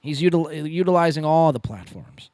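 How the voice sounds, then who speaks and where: A podcast host reacts to clips in a slightly high male voice at normal speed, recorded dry. His commentary is casual, profane and sarcastic, delivered in a mocking, lively way, and he often stumbles and restarts his sentences.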